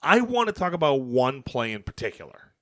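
A young man co-hosting a sports podcast, animated and talking over his co-host as he recaps games. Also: mid-range voice, brisk, no echo. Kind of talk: casual sports chat.

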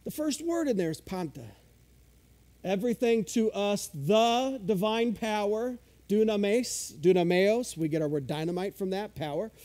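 A man's voice: high-pitched, expressive, normal speed, a little mellow. A male pastor preaching a sermon in a conversational, self-deprecating way, eagerly unpacking the original Greek words of scripture.

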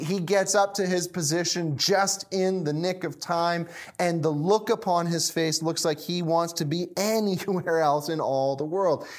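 A man preaching a sermon, telling a story in an animated way with repetition and dramatic pauses. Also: a little high.

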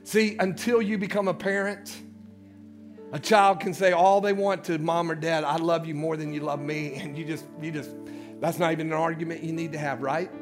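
A man's voice: on the high side, little pitch movement, normal speed, soft background music. A man preaching a sermon as pastor in a church, emphatic, calling out to his congregation. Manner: emphatic call-and-response preaching. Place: church sanctuary.

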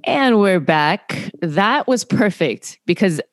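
A woman hosting a casual chat over a video call from home, quick with jokey asides. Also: medium pitch, animated, dry recording. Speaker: podcast host.

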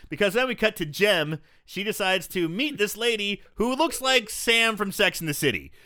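A man's voice: high-pitched, moderate pace. A man co-hosting a casual podcast, recapping a movie with lots of laughs and acted-out lines. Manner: animated, laughs often, acts out scenes in voices. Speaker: podcast co-host.

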